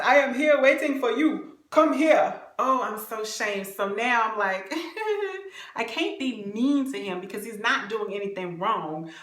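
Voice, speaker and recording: A young woman vlogger with a medium-pitched voice tells a funny dating story, animated and confiding, laughing along with her viewers. The recording has a roomy echo.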